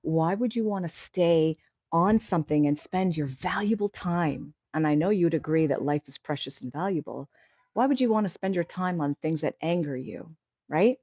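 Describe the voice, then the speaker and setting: A woman's voice: sits low, lively intonation, moderate pace, a little mellow, no echo, dull audio. A woman hosting a casual livestream, reading viewer comments aloud and answering them in an earnest, encouraging way that rambles a little. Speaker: livestream host.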